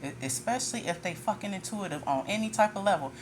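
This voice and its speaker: A woman's voice: mid-range voice, lively intonation, fast, noisy background. A woman tarot reader ranting in a casual monologue, blunt and profane, with frequent laughter.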